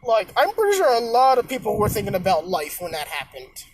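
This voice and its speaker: A casual fan storyteller improvising a what-if tale. The delivery rambles and keeps correcting itself, and the pitch swings widely. A faint hum of room noise sits behind the voice. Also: huge pitch swings, fairly quick, poor audio.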